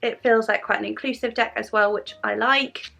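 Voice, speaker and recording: Bright-voiced woman gushing over tarot decks. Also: on the high side, fairly even intonation, moderate pace, vocal fry, soft background music. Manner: gushing, enthusiastic about the cards. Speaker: tarot YouTuber. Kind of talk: casual show-and-tell haul.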